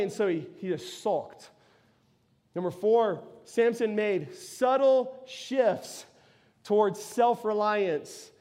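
A male pastor preaching a sermon in a lively, conversational way, full of quick restarts and asides. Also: high voice.

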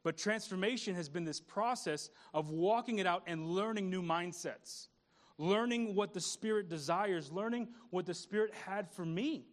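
A man's voice: sits high, normal speed. A man pastor preaching a conversational sermon, repeating words and asking the congregation questions.

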